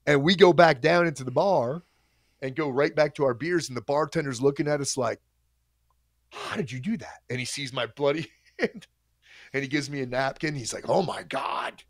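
A man tells a story in a casual, animated way, swearing freely as he goes. His voice has a gravelly rasp. The sound is dry and close, with no room echo. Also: a little high, brisk. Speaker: coach telling a story on a livestream.

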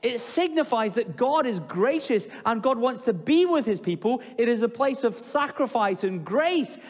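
A male preacher with a high voice gives an expressive sermon. He puts questions to his listeners and sinks low and slow to stress a point. His voice rings with a long reverb through a church hall.

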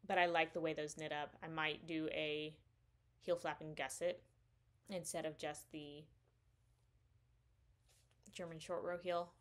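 Chatty woman with a low voice. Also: little pitch movement, measured pace, pauses often, a bit bright. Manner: chatty, enthusiastic, rambling with fillers. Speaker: knitting podcast host. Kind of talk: casual show-and-tell chat.

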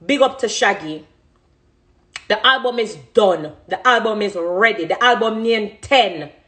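At a medium pitch and a little slow, her voice pushed and bright, a Jamaican dancehall artist in her thirties speaks emotionally and off the cuff. She talks passionately and emphatically about her career, full of thanks.

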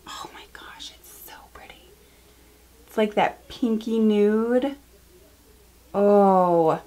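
Chatty woman vlogger gushing over beauty products. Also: mid-range voice. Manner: chatty, gushing, lots of fillers and asides. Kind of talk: casual haul review to camera. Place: home.

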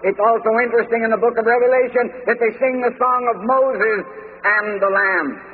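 Guy preaching, high-ish voice, sounds like an old phone-thin tape with a long echo. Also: steady tone, slightly rough. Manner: measured, emphatic preaching with scripture quotes. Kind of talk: sermon. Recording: tinny lo-fi sermon tape in a reverberant hall with faint noise.

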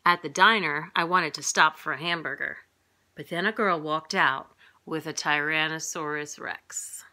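A middle-aged woman reading a picture book aloud to young children in a lively way, jumping up in pitch for the characters' lines. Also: moderate pace. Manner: lively, voices characters with big pitch jumps.

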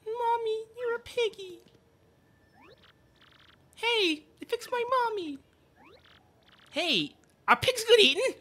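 A woman voicing a small, hungry village child, squeaky and whiny. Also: lively intonation, slow pace, pauses often, fairly bright tone, exaggerated voice. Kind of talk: reading game dialogue aloud.

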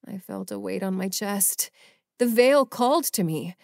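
A woman narrating a paranormal romance audiobook in first person, with a measured, expressive reading. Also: mid-range voice, gravelly, dry recording, clean studio sound.

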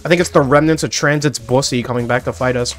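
A man hosting a casual gameplay chat, excitable and crude, breaking into shrieking outbursts. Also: medium pitch, fast, over music. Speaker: gaming channel host.

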